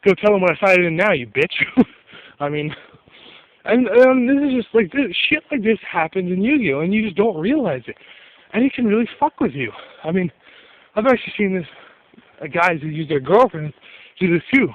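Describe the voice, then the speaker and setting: Young man, higher voice, profane exasperated storyteller, dull lo-fi home recording. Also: expressive, normal speed, pauses often. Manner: profane, exasperated, laughing asides. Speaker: YouTuber telling a story. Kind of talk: casual ranting story.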